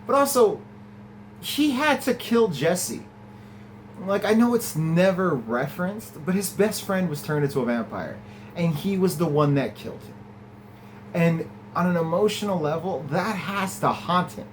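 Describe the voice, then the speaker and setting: A man hosting a podcast, recapping and reviewing an episode in a casual, enthusiastic way, laughing often and letting his pitch jump up when he gets excited. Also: measured pace, slight background noise, low-quality recording. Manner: chatty and enthusiastic, laughs often, swings from low to high pitch.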